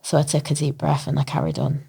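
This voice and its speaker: A lower-voiced woman from England tells her story as a podcast guest. She speaks with lively feeling and laughs often. She acts out the voices of the people in her story. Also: fast, vocal fry, breathy edge. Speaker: interview guest, marathon runner. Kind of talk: emotional storytelling in a podcast interview.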